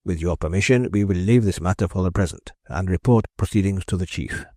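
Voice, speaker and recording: A man voicing a brisk, sarcastic male police sergeant in a storybook reading, dry and dismissive. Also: low voice, darkish tone, no room sound.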